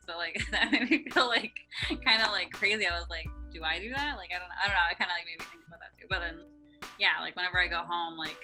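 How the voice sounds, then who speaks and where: Fairly low in pitch, her voice sounds pushed and bright as this young female podcast co-host rambles through a casual chat, saying "like" constantly.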